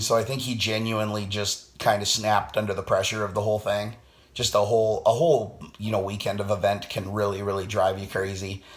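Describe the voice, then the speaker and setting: A tired man recapping his weekend in a casual vlog, blunt and quick to swear. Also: lowish voice. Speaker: vlogger.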